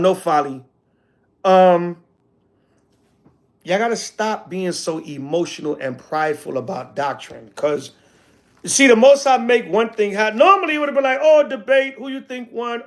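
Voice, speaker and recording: Animated, high-pitched man teaching on livestream. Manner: animated, conversational, slangy, sarcastic asides. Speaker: elder teaching a livestream audience. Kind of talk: casual livestream teaching, reading chat comments.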